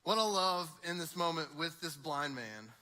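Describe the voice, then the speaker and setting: A young man preaching an energetic youth sermon, acting out voices in quick back-and-forth dialogue. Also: on the high side. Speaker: youth pastor.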